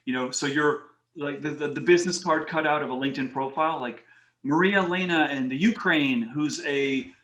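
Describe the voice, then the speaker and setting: A man as a podcast guest, telling lively anecdotes in casual talk and acting out the people in them. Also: on the high side, a little fast. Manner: animated anecdotes with quoted voices. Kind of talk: casual storytelling interview.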